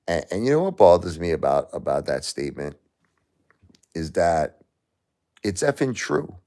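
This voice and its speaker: A middle-aged man hosting a livestream, grieving and talking in a raw, repetitive way that swings from anger to hushed disbelief. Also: sits low, very animated, moderate pace, pauses often. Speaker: livestream host. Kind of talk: emotional live-stream monologue.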